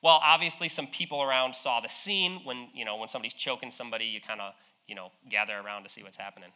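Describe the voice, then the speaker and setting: A young man delivering a sermon with a very bright, forceful tone. He tells the story loosely and casually, slipping into slang and acting out the characters' lines. His pitch sits in an ordinary middle range. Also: fast. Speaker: preacher.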